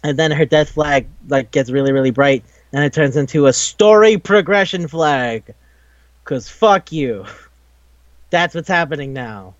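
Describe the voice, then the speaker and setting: A man recapping an anime episode in casual chat, animated and profane, acting out the characters' lines. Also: on the high side, normal speed, hardly any pauses, no room sound, lo-fi sound. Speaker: podcast co-host.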